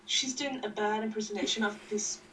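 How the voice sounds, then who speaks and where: A woman's voice: mid-range voice, fairly even intonation, a little fast, a bit bright, low-quality recording. A woman co-hosting a casual podcast who is sick, teasing her co-host and giggling as she chats. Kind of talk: casual chat.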